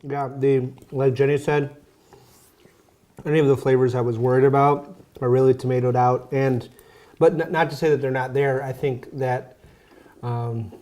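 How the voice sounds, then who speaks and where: A man chats casually about a dish he has just tasted. His voice is mellow and warm, and he often stops and restarts mid-sentence. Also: mid-range voice, level tone, normal speed. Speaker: company CEO and taste tester. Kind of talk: casual chat.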